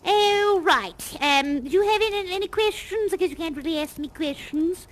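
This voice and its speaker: A fussy, theatrical party hostess gushes through an improvised tour. Her voice sits high and swoops widely with chatty exclamations. She talks into a headset microphone. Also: animated, moderate pace, poor audio. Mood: tour-guide. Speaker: live actor guiding a tour in a virtual reality theater show. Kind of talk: improvised live role-play.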